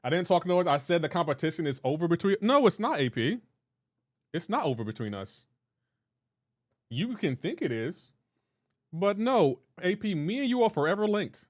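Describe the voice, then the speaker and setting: Animated, teasing male game streamer. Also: high voice, normal speed, long pauses. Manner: teasing, banter-heavy, breaks into laughter. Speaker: live-streaming gamer. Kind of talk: casual live-stream chat, reading chat aloud.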